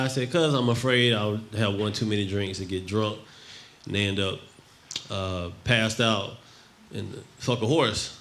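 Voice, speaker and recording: A man doing a stand-up set on a comedy club stage, telling a long story in a deadpan way and acting out the other people in it. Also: lowish voice, normal speed. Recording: noisy live club recording.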